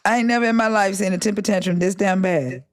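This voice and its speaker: Woman, livestream host, casual chat, blunt, exasperated, swears freely, mid-pitched. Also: fast talker.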